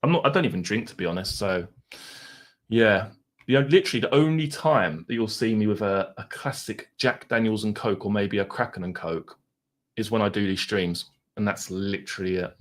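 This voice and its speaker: A man's voice: lowish voice, moderate pace. A middle-aged man with an Essex accent, chatting casually on a livestream, reading out viewers' comments and musing aloud in a self-deprecating way. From Essex, England. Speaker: livestream host. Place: home.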